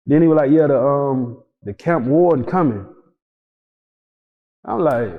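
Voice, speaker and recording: A man tells his story in a casual interview, acting out each exchange with lively energy and plenty of profanity. The sound is dull and lo-fi, with a long roomy reverb trailing each line. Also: medium pitch, moderate pace, long pauses. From Tampa, Florida. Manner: animated, acts out dialogue, swears freely. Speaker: interview guest.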